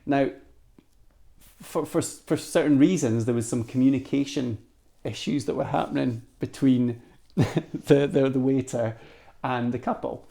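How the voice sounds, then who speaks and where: A man with a Scottish accent, a podcast guest telling a story in a casual, animated way with frequent restarts. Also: mid-range voice, a little slow, creaky. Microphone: cheap microphone.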